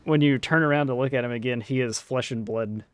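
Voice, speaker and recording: A man's voice: mid-range voice, brisk, clean tone, no echo. A man running a tabletop game as game master, improvising the scene loosely with many restarts.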